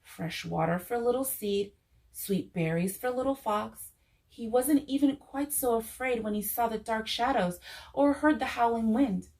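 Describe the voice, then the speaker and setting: A woman reads a children's story aloud at an unhurried pace, gentle and expressive. She lingers over a repeated, soothing refrain. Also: a little high, rough recording.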